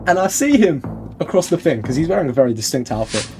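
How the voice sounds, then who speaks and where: A young man spins a rambling, excitable storytime with a fairly high voice and loose swearing. Faint music plays underneath. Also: fast talker. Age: young adult. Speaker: streamer telling a story. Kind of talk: casual storytime vlog.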